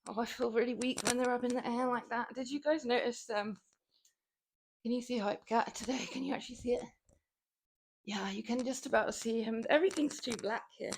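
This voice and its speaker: A woman's voice: a little high, steady tone, brisk, a little hiss or hum. A young woman chatting with her live viewers between sets of a workout stream. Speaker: fitness streamer. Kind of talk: casual chat while working out.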